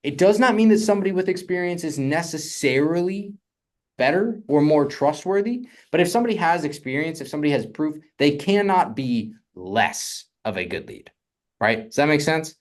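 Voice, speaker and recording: A young man coaching on real estate funding in a casual, energetic teaching talk, often asking "right?". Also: fairly high pitch, moderate pace.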